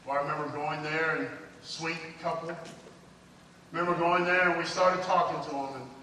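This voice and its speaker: Male preacher, bright tone, shifts between hushed and fervent, distant mic in a roomy hall. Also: on the high side, fairly even intonation, moderate pace, slight background noise. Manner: swings from hushed storytelling to fervent exhortation. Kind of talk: sermon.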